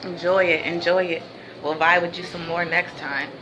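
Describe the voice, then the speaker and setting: A woman's voice: fairly low pitch, level tone, normal speed, muffled recording. Laid-back woman livestreaming over noise. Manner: laid-back slang, laughing, preachy bursts. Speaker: livestream host. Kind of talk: casual livestream sign-off. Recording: noisy ambience behind.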